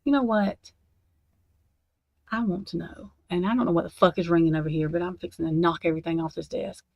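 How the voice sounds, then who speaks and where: A woman's voice: on the low side, steady tone, brisk, creaky, dry recording, muffled recording. Cursing, fuming woman. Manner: angry, profane ranting. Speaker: true crime commentator. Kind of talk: reacting to documents on a livestream. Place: at a desk at home.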